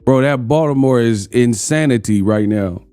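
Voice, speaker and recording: A man's voice: medium pitch, normal speed, mellow, clean tone, dry recording, studio quality, soft background music. A man hosting a casual boxing reaction show, joking and laughing in slangy banter. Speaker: boxing commentary host.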